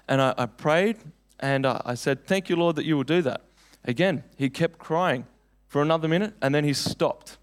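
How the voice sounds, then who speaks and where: A man's voice: fairly high pitch, normal speed. A young man preaching a sermon, telling personal stories in an earnest, conversational way.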